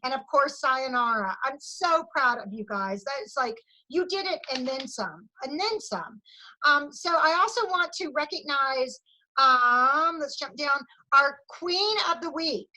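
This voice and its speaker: A woman with a high, bright voice runs a team meeting over a video call. She talks with bubbly enthusiasm, cheering her people on and saying "y'all" as she goes. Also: expressive, a little slow, poor audio. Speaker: sales director leading a team meeting. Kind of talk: energetic team meeting pep talk.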